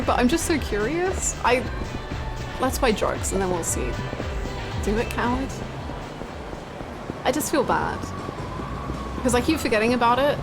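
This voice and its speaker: A young woman chats her way through a live game stream, playful and theatrical. Her fairly high voice swoops up and down with lots of life. Game music plays clearly behind her. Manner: playful and theatrical, swinging into mock drama. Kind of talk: casual live gameplay commentary.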